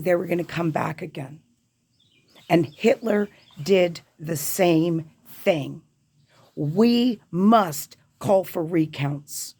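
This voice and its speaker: A woman's voice: medium pitch, a little mellow. A woman hosting her own podcast, delivering an impassioned, profane political rant with urgent emphasis. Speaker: podcast host.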